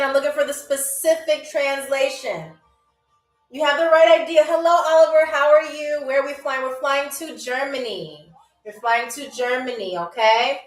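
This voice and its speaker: High-voiced woman hosting a live trivia game. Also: echoey room, poor audio. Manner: playful, chatty, teasing viewers by name, spells out phrases slowly. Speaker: game show host. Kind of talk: live-stream trivia hosting, chatting with viewers.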